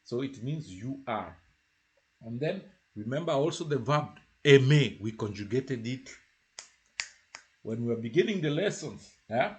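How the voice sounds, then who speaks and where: A man's voice: medium pitch, lively intonation, a little slow. Man teaching a beginner French lesson. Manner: repeats himself, checks in with the learner. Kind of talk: language lesson.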